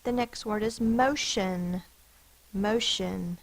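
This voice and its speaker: A woman teaching a phonics lesson, slowly sounding out each letter and syllable of spelling words. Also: mid-range voice, vocal fry, poor audio. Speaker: elementary school teacher.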